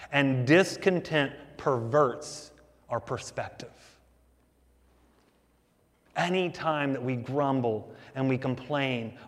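A male pastor delivering a sermon, talking to his listeners as "guys" and asking them rhetorical questions. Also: mid-range voice. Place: church sanctuary. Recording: long reverb of a church hall.

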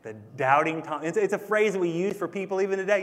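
A man's voice: sits high, fast talker, fairly bright tone. A man preaching a sermon in an earnest, emphatic way, often repeating himself for stress. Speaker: pastor. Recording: long hall reverb.

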